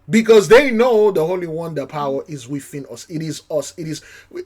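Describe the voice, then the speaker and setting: A man's voice: a little high, brisk, few pauses, a little mellow. A man preaching passionately, reading scripture aloud with frequent restarts. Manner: impassioned, reads scripture in archaic phrasing, frequent restarts.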